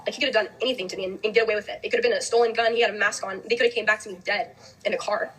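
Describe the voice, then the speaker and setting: A young woman hosting a podcast, telling a personal story quickly with lots of "like" and restarts. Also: mid-range voice, steady tone, a bit bright, low-quality recording. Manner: fast, heavy use of "like", restarts. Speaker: host.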